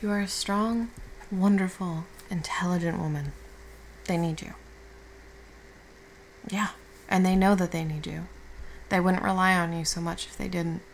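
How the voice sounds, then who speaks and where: A woman playing a caring girlfriend who has just woken up, speaking softly and reassuringly with casual swearing in an audio role-play. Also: fairly low pitch, fairly even intonation, measured pace, pauses often, slight background noise, rough recording. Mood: tender. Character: affectionate young woman, the listener's caring girlfriend.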